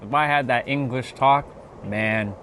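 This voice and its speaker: A man's voice: mid-range voice, a little slow, a bit bright, slight background noise. Chatty man from North America. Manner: chatty, laughing, talking to viewers while making a drink. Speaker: livestream host. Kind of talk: casual livestream chat.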